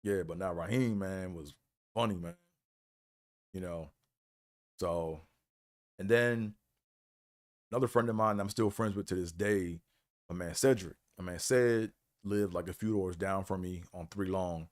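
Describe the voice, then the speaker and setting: Speaking a little slowly with long pauses, this low-voiced live-stream host casually recounts college stories, sprinkling in "man" and "you know."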